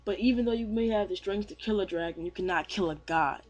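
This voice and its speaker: Guy doing a smug cocky villain, pretty high voice, not much acting. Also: fast, lightly acted. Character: cocky male fire god villain.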